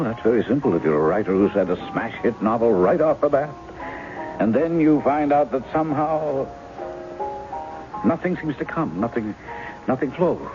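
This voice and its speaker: A wry, easy-charming writer in his forties passing himself off as a woman's husband, his voice low and lively in its rise and fall. It is a 1970s radio drama heard through a muffled old broadcast with music behind. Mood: rueful. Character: charming male novelist posing as a lost husband, wry and teasing.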